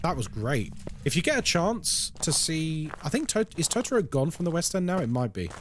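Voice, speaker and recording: A man's voice: a little high, sing-song, normal speed, a little hiss or hum. A man giving live commentary on a horror game as a streamer, chatting with viewers and reacting aloud to what happens. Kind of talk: live gameplay commentary and chat.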